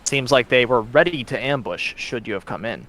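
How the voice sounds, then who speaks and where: A man running a tabletop game, narrating scenes in an easy, casual way. His pitch moves a lot, and his voice sits at a middle height. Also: expressive, moderate pace, fairly bright tone, slight background noise. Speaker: game master.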